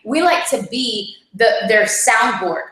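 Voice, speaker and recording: Współprowadząca, kobieta, swobodnie rozmawia o związku i wciąż wtrąca "like" i "right?". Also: female voice, fairly high pitch, lively intonation, slow, a bit bright. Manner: chatty, lots of "like" and "right?". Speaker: co-host. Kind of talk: casual couples chat. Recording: very echoey room.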